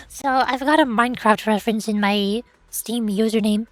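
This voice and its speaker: A woman hosting a livestream, chatting casually in a playful, excitable way and teasing her chat with mock indignation. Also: on the high side, moderate pace, no room sound, faint music behind. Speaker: livestream host.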